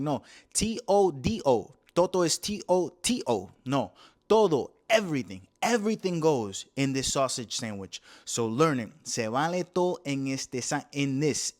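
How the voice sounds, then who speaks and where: A man from Puerto Rico with a Puerto Rican accent, hosting a profane, animated comedy monologue that switches between English and Spanish. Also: a little high. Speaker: comedy show host.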